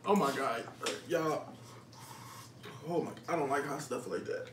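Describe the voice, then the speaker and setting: A man's voice: fairly high pitch, measured pace, far from the mic. A young man vlogging a food challenge, his mouth burning, exclaiming and groaning in slangy casual banter. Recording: roomy echo, off-mic, faint noise.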